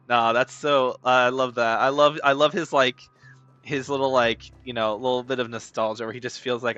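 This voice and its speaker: 明るい声でふざけて話す男性配信者. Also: male voice, mid-range voice, fairly even intonation, fairly quick, pushed and bright, no room sound, lo-fi sound. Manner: joking, rambling, with slang. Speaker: streamer. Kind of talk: casual gameplay commentary.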